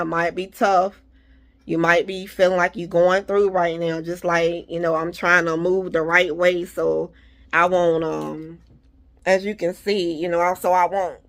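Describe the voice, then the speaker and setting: Reassuring woman with a lowish voice. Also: flat delivery, unhurried, a bit bright. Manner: repetitive, reassuring, faith-filled. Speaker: vlogger giving encouragement. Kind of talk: casual motivational talk.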